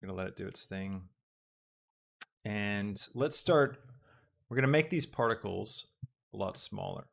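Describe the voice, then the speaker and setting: Gravelly low-voiced man thinking aloud. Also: animated, a little slow, pauses often, fairly bright tone. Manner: meandering, thinks aloud with many ums. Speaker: software tutorial host. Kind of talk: live-streamed casual tutorial.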